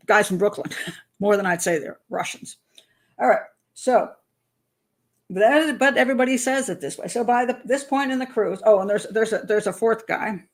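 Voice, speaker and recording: True crime host, female, mid-pitched and gravelly, chatty and digressive, quick to laugh. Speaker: criminal profiler host.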